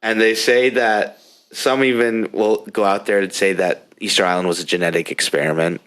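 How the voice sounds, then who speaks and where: A man's voice: fairly low pitch, steady tone, moderate pace, fairly bright tone. A man co-hosting a casual podcast, laid-back and slangy, calling his partner "dude". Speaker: podcast co-host. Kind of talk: casual chat.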